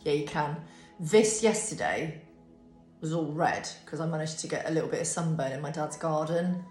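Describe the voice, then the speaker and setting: A woman's voice: low-pitched, animated, moderate pace, a little mellow. A drowsy woman giving a casual tarot reading to camera, yawning and swearing freely. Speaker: tarot reader. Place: bright room at home, indoors. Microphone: camera on a desk with ring light. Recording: echoey room with faint music.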